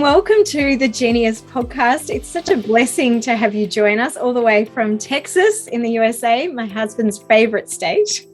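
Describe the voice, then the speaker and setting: A woman's voice: fairly high pitch, animated, normal speed, hardly any pauses, soft background music. A woman hosting a podcast interview, effusive and enthusiastic. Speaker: podcast host.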